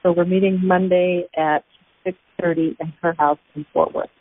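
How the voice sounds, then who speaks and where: A woman's voice: on the low side, steady tone, moderate pace, a little hiss or hum. A woman on a conference call, chattily recounting her sales calls and laughing as she retells them. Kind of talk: telling a story on a conference call. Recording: tinny phone line, dry.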